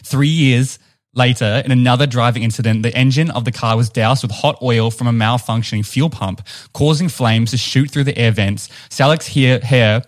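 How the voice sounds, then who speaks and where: A man with a New Zealand accent co-hosts a relaxed podcast. He tells a story in a chatty way, chuckling now and then as he goes. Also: mid-range voice, moderate pace. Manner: chatty, laughs while telling stories. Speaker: podcast co-host. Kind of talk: casual storytelling chat.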